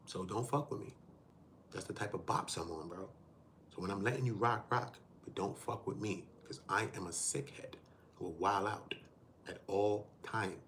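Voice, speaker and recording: A man with a low-pitched voice holds forth on his livestream, cursing freely and talking in street slang. He lectures his chat like a preacher. A faint background hiss sits under the voice. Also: a bit bright. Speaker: livestream host. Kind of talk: casual livestream rant.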